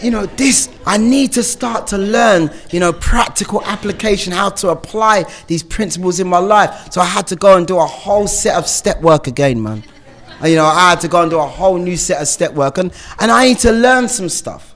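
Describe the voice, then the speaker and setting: Man, middle-aged, high voice, animated storytelling, laughs often. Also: normal speed. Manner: animated storytelling with frequent laughs and rhetorical questions. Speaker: recovery speaker. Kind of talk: personal recovery share.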